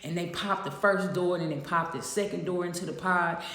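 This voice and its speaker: Casting: woman, lower voice, animated and profane storyteller, echoey roomy sound. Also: a little fast. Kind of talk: casual storytelling to camera.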